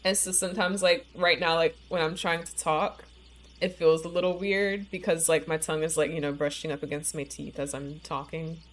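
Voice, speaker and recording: This livestreaming gamer has a deep voice with fairly even intonation, talking at normal speed. Her casual chat while playing is full of "like" and "you know," a little slurred because she bit her tongue.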